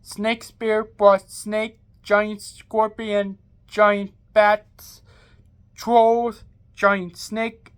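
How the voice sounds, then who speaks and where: A woman narrating her own fantasy story aloud in plain, halting sentences with grammar slips. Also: medium pitch. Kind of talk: amateur read-aloud of an original fantasy story.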